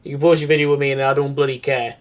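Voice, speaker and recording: A man's voice: medium pitch, level tone, racing. A man on a casual voice call, speaking in a blunt, insistent way and swearing freely. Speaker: call participant.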